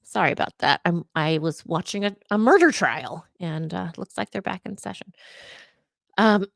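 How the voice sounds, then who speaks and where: Slow-talking earnest woman psychic. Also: on the low side, no room sound. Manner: earnest, repeats words for emphasis. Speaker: psychic and vlogger. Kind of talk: casual vlog monologue.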